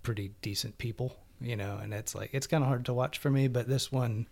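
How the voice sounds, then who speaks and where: A man's voice: mid-range voice, fairly even intonation, brisk, creaky, a little mellow. A man chatting casually about TV shows, meandering and heavy on filler words. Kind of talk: casual podcast chat.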